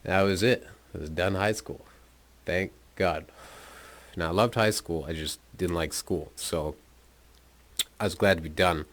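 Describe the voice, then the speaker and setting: Young guy, low voice, swearing and laughing thru a loose story. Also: measured pace, pauses often. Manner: rambling, profane, laughs often. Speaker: podcast host telling his life story. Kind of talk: casual storytelling monologue.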